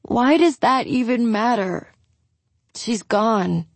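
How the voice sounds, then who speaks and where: A woman's voice: fairly high pitch, expressive, slow pace, no echo, pitched above the performer's own voice, full character voice. A woman voicing a tired, curt young woman who is grieving her best friend and turns defensive. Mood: weary.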